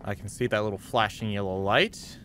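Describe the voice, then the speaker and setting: A man streaming a horror game, thinking aloud and breaking into high yells at scares. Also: fairly even intonation, fairly quick, a little hiss or hum. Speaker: gaming streamer. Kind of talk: live gameplay commentary.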